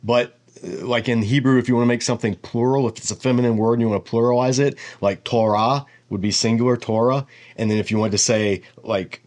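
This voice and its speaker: A man giving a relaxed lesson, explaining each letter while thinking aloud. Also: medium pitch, a little fast. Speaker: teacher. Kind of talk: casual whiteboard lesson.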